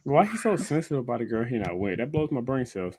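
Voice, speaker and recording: Quick, blunt young man on a podcast. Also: mid-range voice, big pitch swings, mellow. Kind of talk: casual podcast debate.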